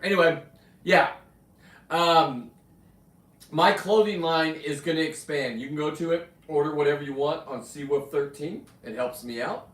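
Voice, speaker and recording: A man's voice: fairly high pitch, moderate pace. A man hosting a casual live stream, chatty and rambling, with restarts and friendly asides. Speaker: livestream host, spearfisher and taxidermist. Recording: roomy room, mic at a distance.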